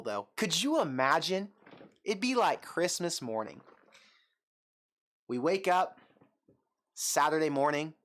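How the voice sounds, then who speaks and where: A man hosting a sports show, ranting in a casual, excitable and rambling way, often mocking himself. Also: sits high. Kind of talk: casual sports talk rant.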